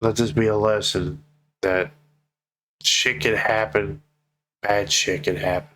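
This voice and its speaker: A man speaking in an emotional personal vlog, tearful and heartfelt, swearing freely and pleading slowly with his viewers. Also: on the low side, fairly even intonation, a bit bright, rough recording. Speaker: vlogger.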